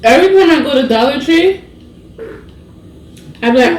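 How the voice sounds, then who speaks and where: A woman's voice: high-pitched, expressive, moderate pace, pauses often, a little mellow. A young woman hosting a casual eating vlog, playful and laughing often as she chats while eating. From Haitian heritage. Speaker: vlogger host. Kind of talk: casual mukbang chat. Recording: echoey room, slight noise.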